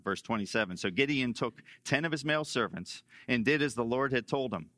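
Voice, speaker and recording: A male pastor preaching a sermon emphatically, repeating key phrases and swinging between loud stresses and hushed lines. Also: mid-range voice, animated, fairly quick, few pauses, dry recording.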